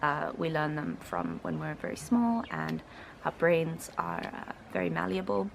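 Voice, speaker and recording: A young South African woman with a lowish, gravelly voice explains accent features in a reaction video. She is analytical but hesitant, filling her pauses with ums. A faint background noise sits under her voice. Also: huge pitch swings. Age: 20s. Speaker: linguistics student and video host.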